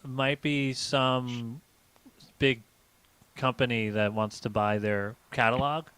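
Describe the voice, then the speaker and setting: A man's voice: mid-range voice, steady tone, slow pace, fairly bright tone, clear, resonant tone, dry recording. A man co-hosting a comedy live stream, telling a rambling story in casual chat with lots of fillers. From United States.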